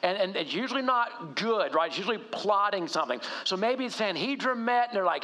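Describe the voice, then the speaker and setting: A middle-aged male pastor preaching in a conversational, animated way, often asking rhetorical questions. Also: sits high, fairly quick, few pauses. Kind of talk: sermon.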